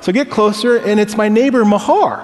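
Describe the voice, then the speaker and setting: A man's voice: high voice, a little fast, a little mellow. A man preaching a sermon as a pastor, telling stories in a conversational way. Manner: conversational storytelling with personal anecdotes. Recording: long hall reverb.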